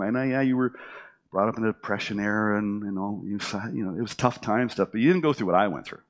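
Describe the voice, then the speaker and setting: A middle-aged man speaks fast in a fairly low voice, telling a personal story casually. He's expressive, acting out conversations others had with him, and his speech is peppered with fillers and restarts.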